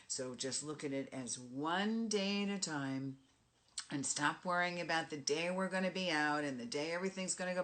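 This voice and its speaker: This Bronx-born life coach in middle age has a low, fairly bright voice and a New York accent. She gives a motivational monologue that is blunt and emphatic, stressing key phrases with force.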